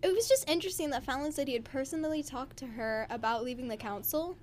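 A young woman talking casually as co-host of a book discussion, with a chatty, excitable manner full of "like". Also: high-pitched, fast. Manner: chatty, lots of "like", excitable rants. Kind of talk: casual chat. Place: home.

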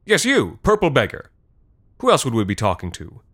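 A man voicing a scornful palace official who shouts and mocks. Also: on the low side, big pitch swings, brisk, no echo, clean studio sound. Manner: shouting, mocking.

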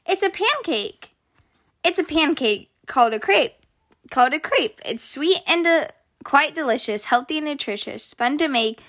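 A woman's voice: fairly high pitch, unhurried, vocal fry, fairly bright tone. A woman voicing a cheerful male street musician in a storybook reading, half singing his lines. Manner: sing-song.

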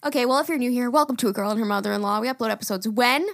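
A young woman co-hosting a casual podcast, animated, laughing often and swearing freely. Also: a little high, rapid-fire, gravelly, dry recording, studio quality. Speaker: podcast co-host, daughter-in-law. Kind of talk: casual chat.

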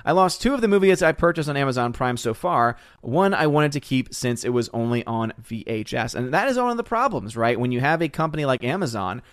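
Speaking a little fast with few pauses, this young livestream host has a very animated mid-range voice. He reads chat comments and rambles back cheerfully, laughing a lot and warmly thanking his viewers. It's studio-quality audio with no room sound.

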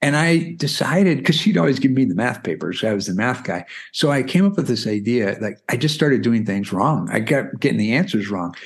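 A man's voice: mid-range voice, lively intonation, fairly quick, few pauses. Man, forties, podcast interview guest, casual explaining, chatty filler tags. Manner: chatty, explanatory, many "you know" and "right?" tags. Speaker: guest, math curriculum founder.

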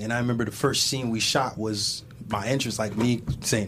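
A man, an actor, chatting in an interview, animated and full of restarts. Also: fairly low pitch, moderate pace, a little hiss or hum. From Haitian heritage. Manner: animated, many restarts and laughs. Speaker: actor guest. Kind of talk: casual interview chat.

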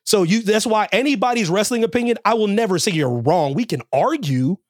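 Animated, high-pitched man ranting on a podcast. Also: brisk, no echo, studio quality. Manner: animated, emphatic, repeats himself, jumps into high mocking quotes. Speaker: podcast co-host. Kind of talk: casual chat.

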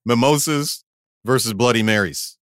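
A man's voice: medium pitch, moderate pace, no room sound, clean studio sound. A man co-hosting a podcast, chatting casually and explaining things at length with frequent restarts. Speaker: podcast co-host. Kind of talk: casual chat.

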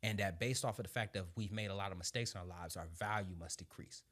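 A young adult man, a Marine sergeant, telling his own story as a guest in casual conversation. He swears freely, laughs through his anecdotes, and drops low and quiet when he turns reflective. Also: quick pace.

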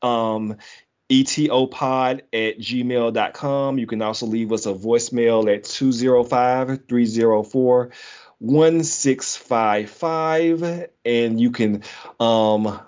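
A man's voice: medium pitch, slow pace, a little mellow. A man hosting a casual podcast, running through lists and chuckling easily. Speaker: podcast host. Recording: dull lo-fi sound.

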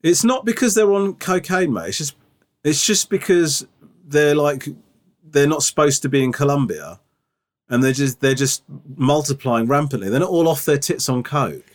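A man's voice: a little high, lively intonation, moderate pace. A man co-hosting a podcast, teasing his co-host in dry, casual chat.

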